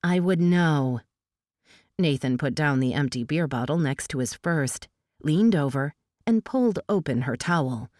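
A woman narrating an audiobook in a measured, steady reading voice. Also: very deep voice, no echo, studio quality.

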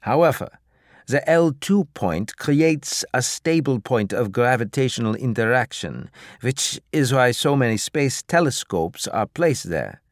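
A man reading an audiobook, voicing an official briefing reporters in a raised, slow, emphatic voice. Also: mid-range voice, big pitch swings, dry recording, clean studio sound, pitched above the performer's own voice. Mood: grave.

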